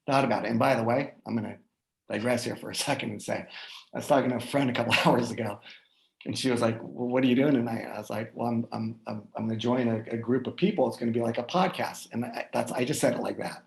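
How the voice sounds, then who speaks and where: A man talking casually as a guest, telling personal stories in an animated way and often checking in with "right?". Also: mid-range voice, fast talker, vocal fry, low-quality recording. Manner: animated, lots of restarts and "right?" tags. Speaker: guest speaker. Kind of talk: casual conversational storytelling.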